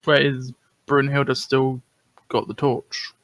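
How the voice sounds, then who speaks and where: A man's voice: mid-range voice, little pitch movement, takes it slowly, a bit bright, no echo. A man playing in a tabletop role-playing game, stating his actions plainly and cracking jokes. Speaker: player. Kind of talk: casual game chat.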